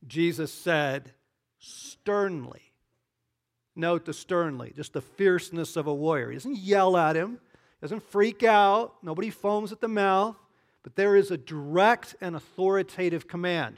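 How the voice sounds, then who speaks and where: A male pastor preaching a conversational sermon, often checking in with "right?" and "okay?" and rising into animated bursts. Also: fairly high pitch, measured pace.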